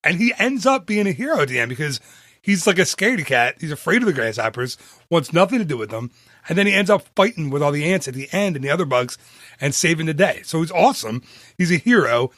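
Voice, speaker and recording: A man hosting a casual podcast chat into a studio microphone, animated and laughing often. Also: on the high side, fast, no room sound. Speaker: podcast host.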